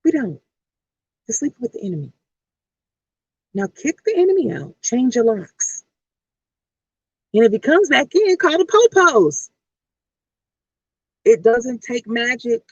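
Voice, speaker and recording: A woman's voice: on the high side, very animated, slow pace, long pauses, darkish tone, slightly rough, dry recording, dull audio. A woman life coach giving a motivational vlog talk, emphatic, with a repetitive, preaching cadence.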